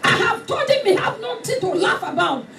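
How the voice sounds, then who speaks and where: Fervent high-voiced woman preaching. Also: big pitch swings, moderate pace. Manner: fervent, shouting, dramatic retelling. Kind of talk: sermon. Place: church hall. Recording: echoey hall from far off with music.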